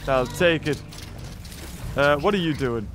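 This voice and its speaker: A man hosting a let's play, chatting excitably and talking to the creatures on screen. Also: fairly high pitch, unhurried, a little hiss or hum. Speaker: gaming channel host.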